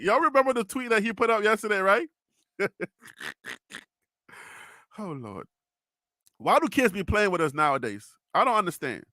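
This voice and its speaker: A man with a high, bright voice hosts a live sports stream, teasing his chat and breaking into laughter. The sound is dry and close on the mic. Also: no room sound. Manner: teasing, loud, bursts of laughter, talks to chat viewers. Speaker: live sports show host.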